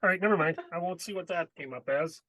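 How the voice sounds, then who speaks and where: A man playing a tabletop game with a dry, deadpan manner. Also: high-pitched, fast talker. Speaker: player. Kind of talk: tabletop role-play.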